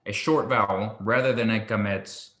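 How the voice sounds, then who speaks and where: A man's voice: on the low side, steady tone, normal speed, a bit bright, echoey room. A man tutoring basic biblical Hebrew one-on-one, explaining patiently and checking that his student follows. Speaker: Hebrew teacher.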